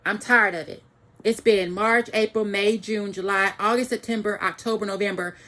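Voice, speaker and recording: Woman, vlogger, heated rant, profane, repetitive emphasis, mid-pitched voice. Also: steady tone, normal speed, sharp tone. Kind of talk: angry ranting monologue.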